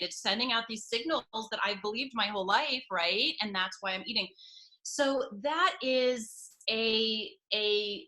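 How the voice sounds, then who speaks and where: A woman speaking as a guest coach in a candid interview, animated and laughing often as she acts out inner voices, heard over a video call. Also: a little high.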